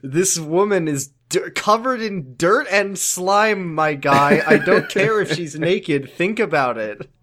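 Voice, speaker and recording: A man's voice: high-pitched, expressive, slow pace, few pauses, a bit bright. A man co-hosting a podcast, recapping a TV episode in casual comedic chat, riffing and laughing often. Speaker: podcast co-host.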